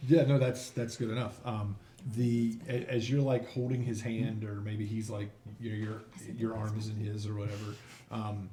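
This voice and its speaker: A man's voice: on the low side, little pitch movement, normal speed, dark tone, roomy sound, a little hiss or hum. A man running a tabletop game as game master, narrating casually with fillers and restarts.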